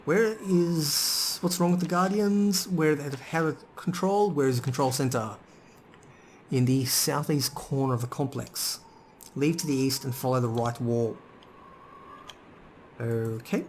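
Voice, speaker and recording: Let's-play host, relaxed and rambling, faint room hiss behind. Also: male voice, medium pitch, unhurried. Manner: relaxed, rambling, swears casually. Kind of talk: casual game commentary and reading dialogue aloud.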